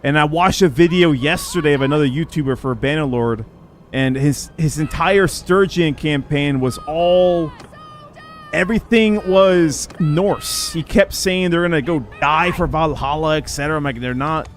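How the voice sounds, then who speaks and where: A man's voice: fairly high pitch, normal speed, slight background noise. A man streaming gameplay live, chatting with viewers in an opinionated, talkative way.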